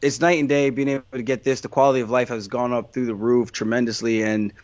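A fast-talking man with a mid-range, slightly mellow voice and little pitch movement gives casual interview answers about his fighting career. He rambles candidly with many fillers and restarts. The close-miked audio is dry, a bit dull, and free of echo.

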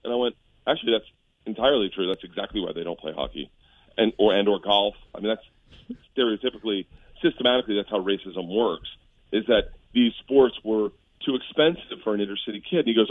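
A middle-aged man, a comedian, tells animated stories on a radio show, laughing and jumping high when he quotes people. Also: quick pace, no room sound, narrow, tinny audio. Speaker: comedian guest.

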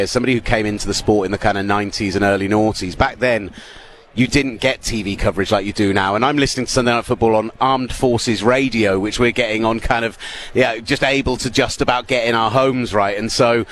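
A man's voice: fairly low pitch, fast, a little hiss or hum. A man with a British accent, a sports radio presenter, chatting in an interview and telling stories with frequent laughter. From United Kingdom. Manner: chatty, laughs often, animated storytelling. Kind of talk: casual interview chat. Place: busy media hall.

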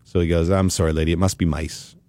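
A man hosting a podcast who tells a story in a casual, animated way and laughs often. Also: deep voice, quick pace, no room sound. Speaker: podcast host.

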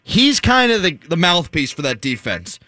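A man hosting a sports talk radio show, teasing callers in quick back-and-forth. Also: fairly high pitch, sing-song, bright, forceful tone, no room sound. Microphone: studio microphone.

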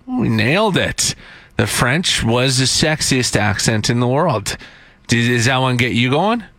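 A man's voice: medium pitch, very animated, a little slow, fairly bright tone, dry recording. A man hosting a morning radio show, chatty and teasing his co-hosts.

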